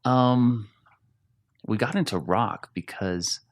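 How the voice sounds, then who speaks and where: A middle-aged man from Arizona, a rock singer, telling animated stories in a casual interview and laughing often. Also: lowish voice, slow.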